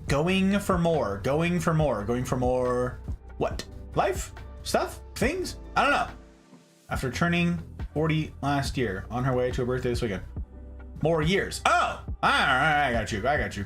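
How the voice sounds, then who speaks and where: Jokey nevada guy streaming, voice jumps all over, bit of music playing under him. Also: fairly bright tone. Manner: playful, jokey, swings between high and low voices. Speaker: streamer reading chat. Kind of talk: casual livestream chat.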